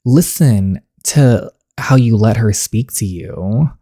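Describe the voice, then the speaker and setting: A woman's voice: very deep voice, animated, slow pace, mellow, husky, no echo, clean studio sound, exaggerated voice. A woman voicing a haughty, spiteful old grandmother queen in a story game, reading the lines plainly. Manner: reads the lines plainly while playing.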